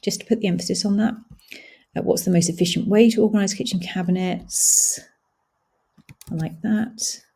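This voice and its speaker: Gravelly low woman thinking aloud. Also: steady tone, moderate pace, pauses often, warm tone. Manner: thinks aloud, casual, hesitant with many fillers. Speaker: blogging tutorial host. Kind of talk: screen-share software walkthrough.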